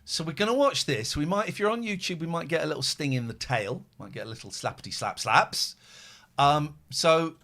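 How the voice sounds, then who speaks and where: A man's voice: fairly high pitch, a little fast. A man hosting a podcast, chatting casually and telling angry stories with lots of swearing. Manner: animated, heavy swearing, telling angry anecdotes. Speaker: podcast host. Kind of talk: casual chat.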